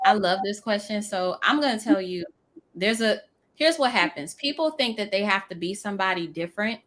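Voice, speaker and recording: Bright, emphatic Southern woman coach. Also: mid-range voice. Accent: Southern US, New Orleans with Texas twang. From New Orleans. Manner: emphatic, animated, quotes clients in character voices. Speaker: business coach guest. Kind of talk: live-stream interview, casual advice.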